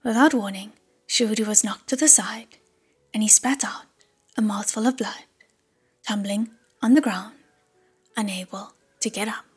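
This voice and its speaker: A woman's voice: medium pitch, moderate pace, long pauses, faint music behind. A woman narrating an audiobook chapter in a whispered role-play. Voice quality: breathy whisper.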